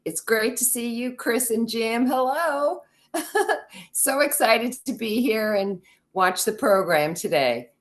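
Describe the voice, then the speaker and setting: A cheerful woman from the United States greets an online club meeting as a guest. Her voice is fairly high and her pace slow. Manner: cheerful, laughing. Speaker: guest, former member. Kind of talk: casual greeting. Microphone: video call.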